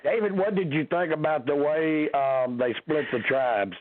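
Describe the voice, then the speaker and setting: A hoarse man with a sinus infection, hosting a casual call-in podcast and rambling with many ums and restarts. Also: on the high side, unhurried, no echo. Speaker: podcast host. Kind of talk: casual call-in show chat. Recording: tinny phone-line audio.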